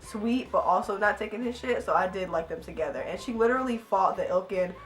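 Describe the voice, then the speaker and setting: Young woman, casual book-review vlogger, mid-pitch, excitable and rambling, faint music under her voice. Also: brisk. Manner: animated, gushing, rambling with many "I was just like" asides.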